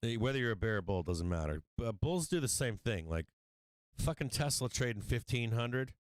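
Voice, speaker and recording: A man's voice: mid-range voice, big pitch swings, brisk, no echo. A man hosting a stock market livestream, talking casually and bluntly, swearing often and laughing a lot. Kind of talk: casual trading livestream talk.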